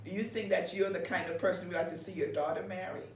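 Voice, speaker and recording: A woman's voice: on the low side, quick pace. Woman pastor in a roomy, distant recording. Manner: lively storytelling, laughs often, repeats words. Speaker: pastor and co-host. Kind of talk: conversational ministry broadcast. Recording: roomy, distant mic with faint background noise.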